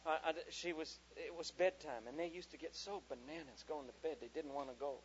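Man, stand-up storyteller, animated, slightly high voice, faint background noise. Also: fairly quick. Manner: animated, switching into character voices. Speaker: comedian. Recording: dull lo-fi live recording with faint noise.

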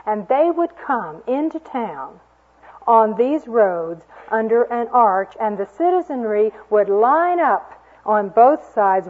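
A woman's voice: mid-range voice, slightly rough. A woman giving an earnest, storytelling sermon to a women's gathering, with homely asides. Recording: dull lo-fi recording.

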